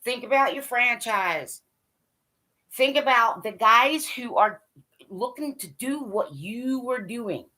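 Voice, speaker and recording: Woman vlogger, high bright voice, blunt and profane, scolds like an angry fan. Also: lively intonation, slow pace. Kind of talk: ranting monologue to camera.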